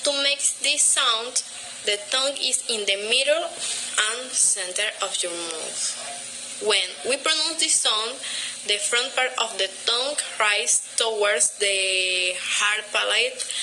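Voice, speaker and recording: A young woman, a student, reading a class presentation aloud carefully and deliberately, pausing between example words. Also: fairly high pitch. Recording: steady background noise.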